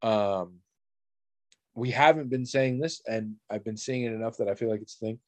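A man's voice: lowish voice, moderate pace, no room sound. A man co-hosting a podcast in casual chat, teasing and sardonic, swearing offhandedly. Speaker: podcast co-host.

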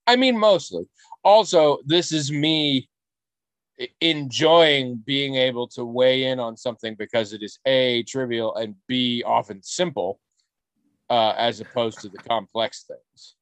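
A man co-hosts a podcast in loose, casual chat. He rambles in an animated way and drops swear words as he goes. His voice sits at a middling pitch, and the sound is dry and close with no room around it. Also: unhurried, dry recording. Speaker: podcast co-host.

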